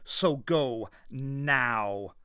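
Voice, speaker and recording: A man's voice: mid-range voice, drawn-out words, pushed and bright, smooth, no echo, clean studio sound. A man reading aloud, voicing a defiant male time traveller who commands and taunts his enemy. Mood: taunting.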